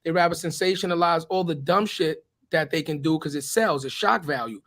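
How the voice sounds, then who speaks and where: High-pitched raspy man co-hosting. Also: a little fast, a bit bright. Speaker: podcast co-host. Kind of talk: casual chat.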